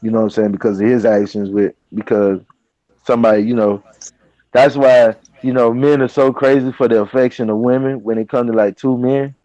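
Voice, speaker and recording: A man's voice: mid-range voice, fairly even intonation, fairly quick, dark tone, no echo. A man in a casual online panel chat, talking loosely with slang and frequent fillers. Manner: loose, slangy, keeps saying "you know what I'm saying". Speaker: panel guest. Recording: dry lo-fi call audio.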